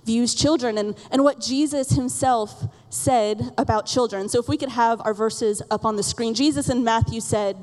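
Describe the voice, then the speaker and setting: High-voiced woman preaching in a reverberant church. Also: moderate pace, hardly any pauses, darkish tone. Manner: candid, self-deprecating humor with frequent laughs. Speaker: pastor. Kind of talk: sermon. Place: church auditorium. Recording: reverberant sanctuary sound.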